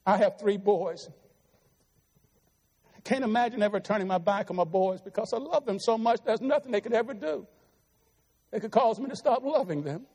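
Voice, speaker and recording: Man, middle-aged, preacher, sermon, earnest pleading, high-pitched, church, long hall reverb. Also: moderate pace, pauses often, darkish tone. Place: church sanctuary.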